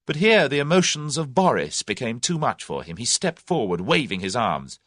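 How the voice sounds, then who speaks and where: A man narrating an audiobook with expressive storytelling into a close microphone. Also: mid-range voice, moderate pace, hardly any pauses, no room sound. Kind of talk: scripted narration.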